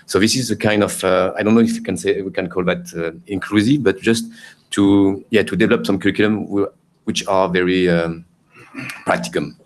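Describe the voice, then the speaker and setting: Low-voiced hesitant male panelist. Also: fairly even intonation, fairly quick, slight background noise. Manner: hesitant, many fillers and restarts. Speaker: panelist from Cambodia. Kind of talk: conference panel remarks.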